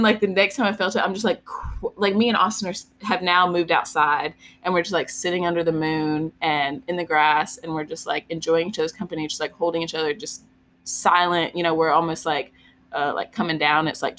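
A woman co-hosting a podcast tells a candid personal story in casual chat, swearing and saying "like" constantly. Her voice is low and a bit bright, with a faint hiss or hum in the background.

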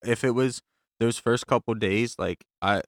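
A man's voice: medium pitch, a little slow, no echo, clean studio sound. A young man co-hosting a podcast, telling laid-back stories in casual chat. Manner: laid-back storyteller, laughs easily. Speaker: podcast co-host.

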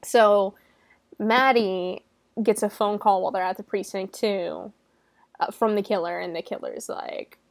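A woman's voice: mid-range voice, steady tone, measured pace, vocal fry, no room sound. A young woman casually recapping a horror movie in a chatty, giggly way, filling her talk with "like". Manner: chatty and giggly, heavy use of "like". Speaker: movie reviewer.

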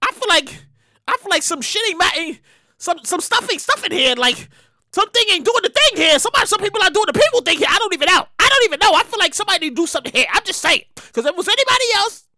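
A woman's voice: very high-pitched, very animated, fast talker, bright, forceful tone, no room sound, studio quality. A woman hosting a show, ranting indignantly in casual commentary, swearing and repeating herself. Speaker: show host.

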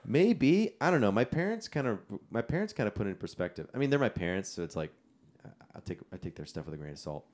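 A man's voice: on the low side, very animated, fast talker, a little mellow. A young man co-hosting a podcast in easygoing casual chat, leading a card game and talking reflectively. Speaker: podcast co-host.

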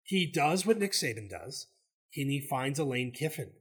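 A man with a Southern accent, co-hosting a casual sports talk show and cutting in with animated opinions. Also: medium pitch, normal speed, slightly rough. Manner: animated, talks over his co-host. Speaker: co-host.

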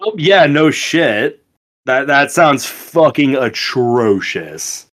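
A young male podcast co-host chimes in with short, blunt reactions laced with swearing. His voice sits at an ordinary middle pitch, and his talk is loose and conversational. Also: expressive, slow pace, a bit bright. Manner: reactive, profane interjections. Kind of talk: casual chat.

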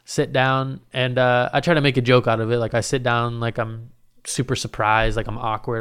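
A man's voice: mid-range voice, steady tone, brisk, fairly bright tone, clear, resonant tone. Profane, rambling young man telling a story. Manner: profane, rambling, self-mocking. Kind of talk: casual storytelling.

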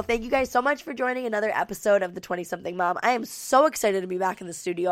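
A young woman in her twenties hosting a podcast from her home studio, rambling in a friendly, filler-heavy way. Her voice has a noticeable vocal fry and a slightly stuffy nose. The sound is dry and close, with no room echo. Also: medium pitch, a bit bright. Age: 20s. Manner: chatty, lots of "like" fillers. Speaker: podcast host. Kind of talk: casual podcast chat.

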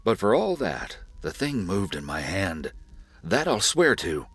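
A man's voice: sits low, sing-song, unhurried, soft background music, pitched above the performer's own voice, full character voice. A man voicing an elderly father, insistent and later dazed, in a storybook reading. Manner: insistent, then dazed and gentle.

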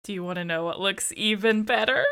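A young woman co-hosts a podcast in chatty, animated casual talk. She swears casually. Her voice sits at a medium pitch. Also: a little fast, clean tone. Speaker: podcast co-host. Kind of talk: casual chat.

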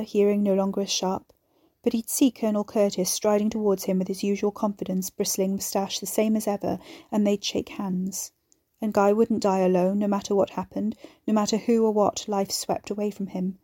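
Mellow-voiced woman narrating a story. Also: mid-range voice, level tone, moderate pace, no echo, clean studio sound. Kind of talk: audiobook narration of a serialized story.

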